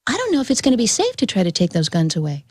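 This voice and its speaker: A woman's voice: mid-range voice, wildly swooping pitch, racing, a little mellow, dry recording, clean studio sound. A woman guest on a talk show, speaking earnestly and firmly, with admiring praise for the host.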